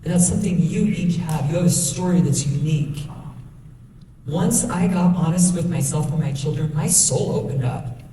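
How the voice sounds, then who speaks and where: A woman's voice: low voice, normal speed, dark tone. A middle-aged woman giving an earnest, emotional talk about her life to young people at a school. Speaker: guest speaker. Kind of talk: motivational talk to youth. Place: school hall. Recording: echoey hall from far off, noisy.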